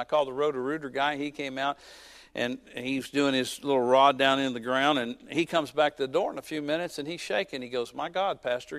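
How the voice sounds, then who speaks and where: Storytelling preacher, fairly high voice. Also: male voice. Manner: storytelling with sudden shifts between loud and soft, joking asides. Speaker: pastor. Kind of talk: sermon with a personal story.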